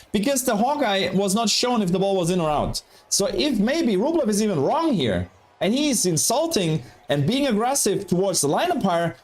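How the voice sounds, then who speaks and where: Animated, high-voiced man commentating tennis. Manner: excitable, animated, talks straight to chat. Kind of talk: casual live-stream commentary.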